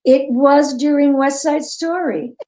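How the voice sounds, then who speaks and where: An older woman telling stories as an interview guest, animated and quick to laugh. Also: high-pitched, low-quality recording. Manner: animated storyteller, breaks into laughter. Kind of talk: casual interview chat.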